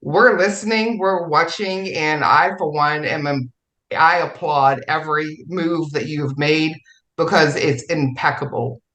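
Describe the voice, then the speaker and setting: A woman speaks in a bright, forceful voice, casual and effusive. She hammers points home by repeating phrases. The room around her is echoey. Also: low-pitched, unhurried. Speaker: fellow writer on a podcast panel. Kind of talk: casual podcast chat.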